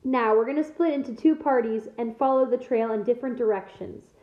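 A woman reading aloud doing a rough half-giant gamekeeper, gruff and commanding, with blunt country speech and a raised, lifted pitch. It sounds like a storybook read-aloud in a roomy space, coming through a tinny phone-like line. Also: a little fast, close to an everyday voice. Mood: instructing. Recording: echoey room over a thin phone-like line.

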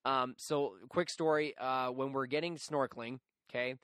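A young man hosting a podcast and telling a story. He talks in a chatty, animated way and pokes fun at himself. His voice sits at a middle pitch, and the recording is dry and close. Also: moderate pace, clear, resonant tone, no room sound. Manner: animated, chatty, self-mocking, with many fillers. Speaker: podcast host. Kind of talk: casual storytelling.

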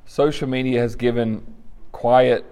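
A man, a pastor, leading a conversational faith discussion and closing in prayer, earnest and quick to laugh. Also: medium pitch, steady tone, dark tone, clear, resonant tone. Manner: earnest, laughs often, acts out quoted prayers.

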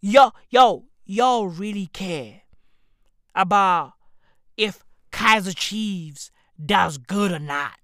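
A man's voice: sits high, drawn-out words, fairly bright tone, dry recording, clean studio sound. A man, hosting a podcast in a profane, mocking comedic rant full of rhetorical questions. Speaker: podcast host.

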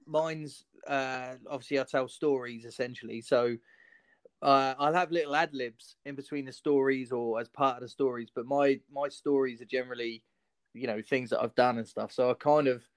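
A man, a comedian co-hosting a podcast, explaining in a relaxed, easygoing way. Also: medium pitch, normal speed, smooth, no echo. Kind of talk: casual podcast chat.

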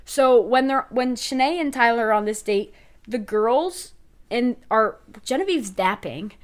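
Young woman, podcast co-host, higher voice, chatty recap style. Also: a little slow. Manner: chatty, filler-heavy, animated retelling. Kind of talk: casual reality-show recap chat.

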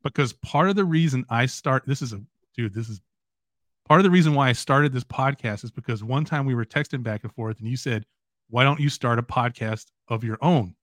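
Fast-talking casual podcast host man. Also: mid-range voice, fairly bright tone, no room sound. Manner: fast, loose, many fillers like "you know". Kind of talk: casual interview chat.

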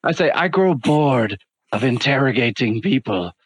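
A man playing a tabletop game over a voice call, speaking his character's lines in a deliberate, cold way. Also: medium pitch, animated, breathy edge, no echo, low-quality recording. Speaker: player. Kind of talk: tabletop role-play.

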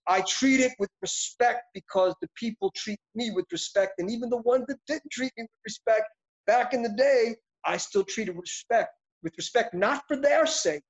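A man's voice: extremely high pitch, normal speed. A middle-aged man, an actor being interviewed, talking in an intense, passionate, reflective and rambling way. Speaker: actor guest. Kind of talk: interview conversation. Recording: dull lo-fi audio.

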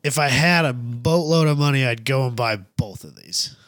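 A man's voice: medium pitch, normal speed, a bit bright, dry recording, clean studio sound. A man co-hosting a podcast in casual chat, laid-back and rambling, with crude jokes. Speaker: podcast co-host.

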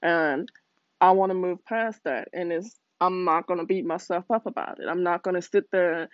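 A man with a high voice talks in a casual, earnest motivational monologue, slangy and full of self-corrections. The recording is dry and a little dull, like a home podcast setup. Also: normal speed, dry recording. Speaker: podcast host.

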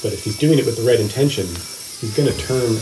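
A man's voice: medium pitch, expressive, a little fast, a little hiss or hum. A man in casual chat, rambling playfully as he retells a children's story. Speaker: podcast co-host. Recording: loud music under voice.

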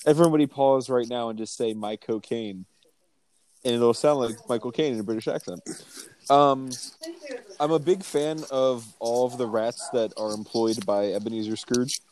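A man co-hosting a casual podcast jokes and swears as he discusses a movie, reading from his notes. His mid-range voice has fairly even intonation, a darkish tone and a normal speed.

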